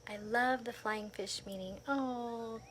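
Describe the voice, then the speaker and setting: A woman casually recounting a personal experience, lively and animated, often saying "like" and laughing between thoughts. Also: on the high side, takes it slowly, slight background noise. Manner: animated storytelling with frequent laughs, filler "like". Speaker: vlogger.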